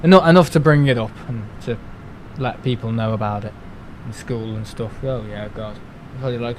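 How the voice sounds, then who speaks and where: A man's voice: medium pitch, lively intonation, moderate pace, slight background noise, poor audio. Young man, rambling stream chat. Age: young adult. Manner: rambling, grumbling, mimics other people in asides. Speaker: live streamer. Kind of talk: casual live-stream chat.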